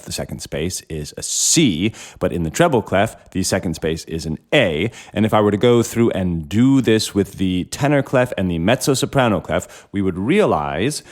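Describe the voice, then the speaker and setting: A man hosting a music lesson, patiently explaining step by step while he plays a keyboard. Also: low-pitched. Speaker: music educator and host. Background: harpsichord playing.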